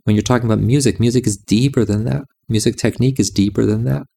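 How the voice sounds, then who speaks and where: A man's voice: lowish voice, steady tone, fast talker, creaky, dark tone, slight background noise. A man giving a reflective monologue about music and meditation, insistent and repeating his phrases.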